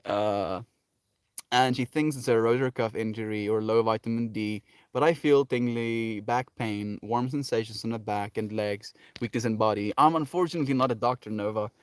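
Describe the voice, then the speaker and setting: A man's voice: lowish voice, moderate pace, clear, resonant tone, no echo. Earnest, dry-sounding male streamer. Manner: warm, earnest encouragement with frequent laughs. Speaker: livestream host. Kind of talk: casual livestream chat reading viewer comments.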